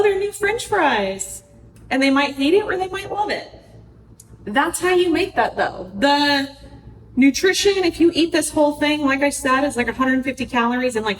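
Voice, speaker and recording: A woman's voice: high voice, a little hiss or hum. A woman hosting a casual cooking vlog with life advice, speaking in a chatty, earnest way and correcting herself as she goes. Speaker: wellness podcast host. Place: home kitchen. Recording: echoey kitchen, voice from far off.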